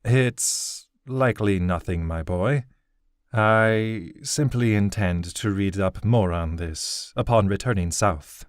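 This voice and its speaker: A man's voice: fairly low pitch, smooth, dry recording, clean studio sound. A man doing a grave old elven king. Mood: measured. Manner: measured and grave, paternal. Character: old male elven king and seer, fatherly.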